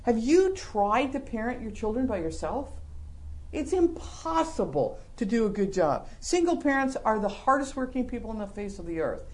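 Middle-aged male Bible teacher, sermon delivery, animated with humorous rhetorical questions. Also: very high voice, moderate pace. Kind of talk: sermon-style Bible lesson.

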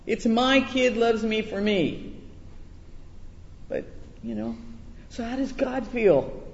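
A man delivers a conversational sermon in a high, animated voice, often restarting words as he goes. The sound carries a long reverb from a large hall and comes through dull and muffled. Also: unhurried, pauses often. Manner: chatty, self-deprecating, restarts words often. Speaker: preacher.

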